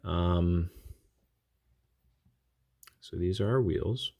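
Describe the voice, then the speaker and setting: A man's voice: low-pitched, drawn-out words, mellow. A man casually talking through an unboxing, chatty and self-deprecating, thinking aloud with lots of fillers as he handles small parts at a desk. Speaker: diecast collector channel host.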